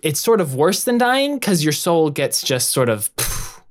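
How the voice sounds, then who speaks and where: A man's voice: fairly high pitch, big pitch swings, measured pace, pitched above the performer's own voice. A player voicing a worn-out young woman ghost hunter in a tabletop role-play, talking in an urgent, clipped way.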